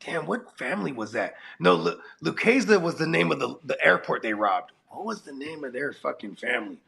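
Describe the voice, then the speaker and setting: A man's voice: mid-range voice, sing-song, moderate pace, gravelly, bright, forceful tone, slightly rough. A man in his forties co-hosting a casual chat, rambling and profane, laughing often, with a cold. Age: 40s. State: has a cold. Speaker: podcast co-host.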